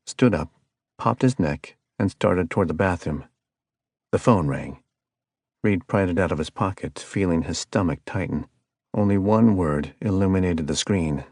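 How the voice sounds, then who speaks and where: A man narrating a thriller audiobook in a steady, measured way. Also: sits low, dry recording, clean studio sound. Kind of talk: scripted narration.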